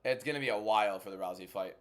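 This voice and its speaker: A man hosting a casual fight watchalong livestream, blunt and bantering as he answers chat, moving between a subdued inside voice and loud hyped delivery. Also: lowish voice, rapid-fire. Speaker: MMA content creator and livestream host.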